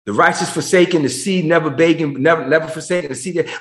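A man preaching a sermon as pastor over a video call, emotional, swinging between shouted questions and low, quiet lines. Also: fast, few pauses, roomy sound.

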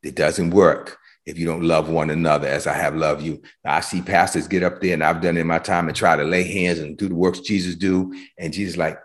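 A man's voice: deep voice, brisk, hardly any pauses. A man preaching a sermon to an online congregation, with swells of intensity and repeated words as he builds his point. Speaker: pastor.

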